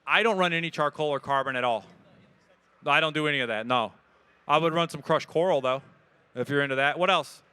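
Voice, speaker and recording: This is a man, giving a live talk at an expo and fielding questions from the crowd. His voice sits high, bright and very clear. He talks casually and with lots of energy, cracking jokes. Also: a little fast. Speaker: speaker answering audience questions. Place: event hall with audience.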